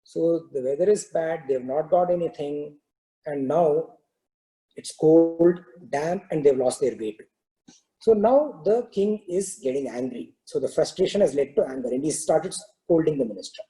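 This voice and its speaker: Man telling a parable, very dark mellow tone, relaxed, fillers, spiritual discourse. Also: fairly high pitch, moderate pace, low-quality recording. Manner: relaxed storytelling, frequent "you know" fillers. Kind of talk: storytelling in a spiritual talk.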